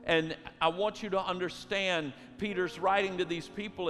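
A pastor preaching with a high-pitched voice that moves between hushed storytelling and loud, driving preaching. The sound carries a long reverb through a church hall, with soft music playing underneath. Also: male voice, steady tone, moderate pace, few pauses. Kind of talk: sermon. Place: church sanctuary.

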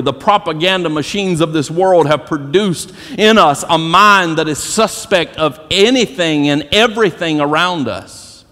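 High-voiced preacher in an echoing church. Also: male voice. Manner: rising to shouted emphasis, repeating phrases. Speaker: pastor. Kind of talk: sermon. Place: church sanctuary.

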